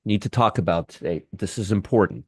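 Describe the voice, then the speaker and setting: A man's voice: on the low side, a little fast, husky, dry recording, clean studio sound. A man hosting a daily market commentary, casually walking through chart levels and repeating key points with emphasis. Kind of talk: casual trading analysis monologue.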